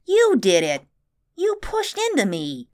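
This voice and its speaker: A woman's voice: high voice, huge pitch swings, slow, pitched above the performer's own voice, heavily acted. A woman voicing a mocking older brother who teases and dares the other boy, in a storybook reading. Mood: taunting. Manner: mocking, cocky.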